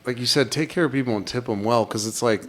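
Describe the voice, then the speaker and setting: A man's voice: medium pitch, fast talker, fairly bright tone. A man in his forties hosting a podcast, chatting casually and ranting bluntly with plenty of swearing. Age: 40s. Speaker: podcast host.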